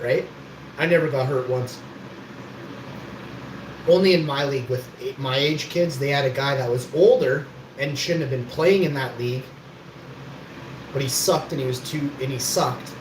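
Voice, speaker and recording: A man's voice: a little high, moderate pace. A man telling rambling, boastful stories on a livestream and swearing freely. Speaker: livestream host. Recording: echoey room with background noise.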